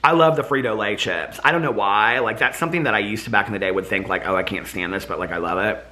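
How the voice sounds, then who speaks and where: A man's voice: on the low side, lively intonation, fast, bright, forceful tone. Rambling man chatting to camera. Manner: rambling, digressive, many fillers and restarts. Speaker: vlogger. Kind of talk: casual chat to camera.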